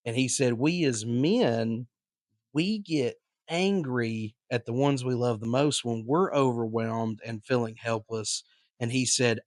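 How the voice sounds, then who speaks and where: A man's voice: medium pitch, unhurried, dry recording, studio quality. A man co-hosting a podcast, talking in a casual, earnest way with lots of fillers and restarts. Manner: rambling, filler-heavy, earnest. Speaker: podcast co-host.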